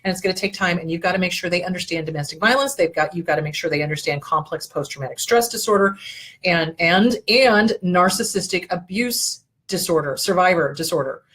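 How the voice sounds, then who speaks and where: A woman's voice: fairly low pitch, brisk, fairly bright tone, husky. Blunt, profane woman therapist hosting a talk. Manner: blunt, profane, passionate, rambling. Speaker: therapist and show host. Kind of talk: solo livestream talk.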